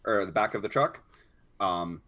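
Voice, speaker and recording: Man, tabletop player, low voice, easygoing, thinks aloud, lots of fillers. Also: animated, moderate pace, bright, forceful tone. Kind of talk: casual tabletop game play.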